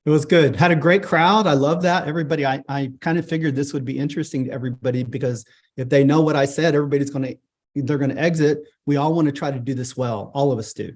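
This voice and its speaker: A man hosting a business webinar on a video call, halting with fillers but upbeat. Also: on the high side, fairly even intonation. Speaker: webinar host, business advisor.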